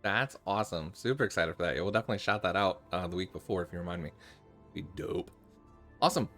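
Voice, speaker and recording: A man's voice: low-pitched, quick pace, a bit bright, soft background music. A young man as game master, talking energetically with many fillers, his voice a bit strained. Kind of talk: running a tabletop game.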